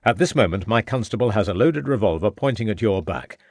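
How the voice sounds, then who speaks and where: Casting: a man playing a calm, firm Victorian inspector, lowish voice, close and dry. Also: fairly quick, no room sound.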